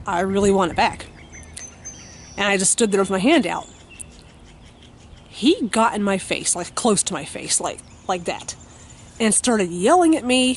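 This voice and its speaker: A woman's voice: mid-range voice, slight background noise. A woman vlogging at home, telling a story to the camera in a blunt, profane way with lots of fillers.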